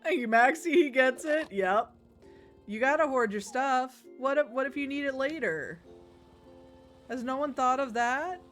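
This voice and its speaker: A woman's voice: high voice, expressive, measured pace, fairly bright tone, faint music behind. A woman chatting casually to her stream chat while playing a video game, rambling and joking. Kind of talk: casual gaming stream commentary.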